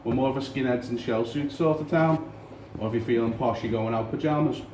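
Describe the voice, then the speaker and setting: A young man from Liverpool with a Scouse accent, doing a dry, deadpan stand-up set in a small comedy club. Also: medium pitch, fairly quick. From Liverpool, England. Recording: roomy far-off club recording with crowd noise.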